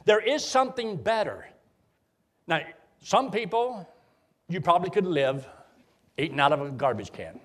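A man's voice: high voice, normal speed, long pauses. A middle-aged man preaching a sermon in a folksy, joking way. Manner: folksy, joking, animated delivery.

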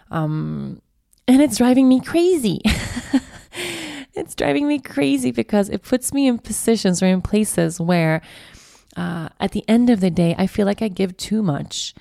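A woman's voice: lowish voice, gravelly, dry recording, clean studio sound. A woman in her thirties hosting a podcast, telling personal stories in a candid, reflective way with frequent laughs. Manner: candid, laughs often, warm storytelling. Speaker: podcast host.

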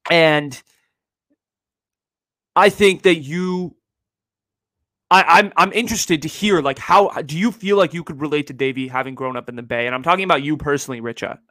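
Young bay area guy rambling on his podcast, lotta "like" and "you know", bright tense voice, kinda high. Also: normal speed, pauses often, no room sound, clean studio sound. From San Francisco Bay Area. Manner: rambling, repeats himself, heavy on "like" and "you know". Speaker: podcast host. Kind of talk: casual one-sided podcast monologue.

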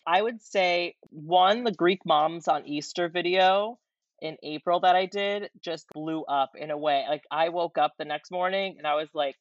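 Woman guest, lowish voice, rambling and relaxed, dry muffled call audio. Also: measured pace, dry recording. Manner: relaxed, rambling, many fillers. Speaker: comedy video creator, guest. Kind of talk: casual interview chat. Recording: dull dry remote audio.

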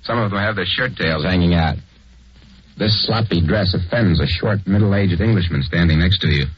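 A man narrating a scripted 1940s radio program in a brisk, wry manner, on a dull lo-fi recording. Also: low-pitched, husky.

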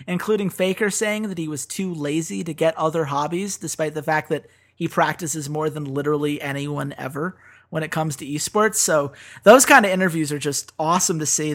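A man's voice: a little high, a bit bright. A man hosting a podcast, chatting upbeat and laughing easily, reading sponsor plugs. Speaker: podcast host. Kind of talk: podcast chat and sponsor read.

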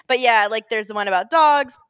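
A woman co-hosting a casual podcast, telling stories in an animated, rambling way, full of fillers and self-corrections. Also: a little high, normal speed, clear, resonant tone, no room sound, muffled recording. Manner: animated storytelling, often laughing. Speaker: podcast co-host. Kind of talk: casual chat.

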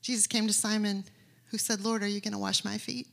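A woman's voice: medium pitch, flat delivery, fairly quick, vocal fry. A woman preaching a sermon, telling stories animatedly and rising to emphatic declarations.

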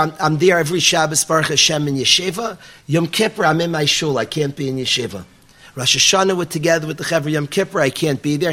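An earnest man with a fairly high voice delivers a sermon to a live audience. He tells a story with emphatic, repeated phrases. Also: fairly bright tone. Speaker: rabbi teaching yeshiva students.

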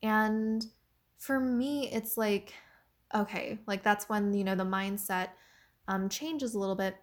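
A woman's voice: medium pitch, slow. A young woman giving a casual motivational talk about mindset and a creative career, talking in a chatty way full of "like" and "you know".

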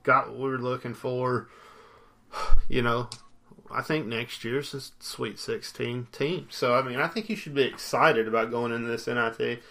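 A man co-hosting a sports podcast, with a bright and forceful tone. He talks in an animated, emphatic way, full of folksy asides. His pitch sits at an ordinary middle for a man. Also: moderate pace, creaky. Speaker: podcast co-host. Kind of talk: casual sports chat.

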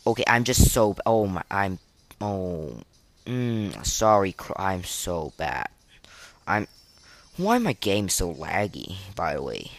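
Young guy kinda low voice narrating his game live, keeps tripping over words and calling himself bad. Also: big pitch swings, slow. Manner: self-deprecating, flustered, frequent fillers and restarts. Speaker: gaming podcaster. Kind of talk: live gameplay commentary.

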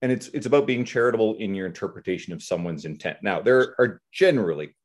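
Deep-voiced fast-talking man. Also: expressive. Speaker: coach, podcast co-host. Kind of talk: casual chat.

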